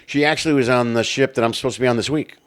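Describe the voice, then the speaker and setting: A man co-hosting a comedy podcast, telling animated stories with swearing and frequent laughter. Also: mid-range voice, rapid-fire. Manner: animated storytelling, profane, laughs often. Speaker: podcast co-host. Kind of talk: casual comedic chat.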